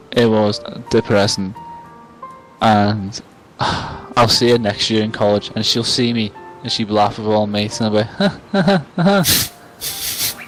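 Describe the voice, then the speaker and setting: A man's voice: lowish voice, flat delivery, unhurried, soft background music, rough recording. Tipsy, rambling young man. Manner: rambling, self-mocking, swears a lot. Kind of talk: casual storytelling to camera.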